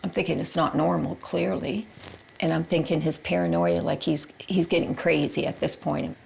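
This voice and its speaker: A middle-aged woman from Canada giving a halting interview testimony, repeating words and quoting her own thoughts. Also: sits low, steady tone, gravelly, darkish tone, slight background noise. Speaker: interviewee recounting her experience.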